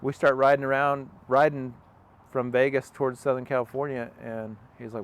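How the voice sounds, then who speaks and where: A man's voice: mid-range voice, level tone, moderate pace, clear, resonant tone. A young man, an interview guest, telling a long personal story in a casual, rambling way with many fillers and acted-out quotes. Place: outdoors on a farm.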